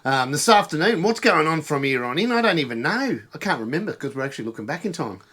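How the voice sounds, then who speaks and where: A man's voice: a little high, very animated, fast talker, fairly bright tone, slightly rough. An Australian man teasing his mate with crude larrikin humour while dubbing over a trip video. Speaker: four-wheel-drive vlogger. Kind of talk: joking dubbed-over banter.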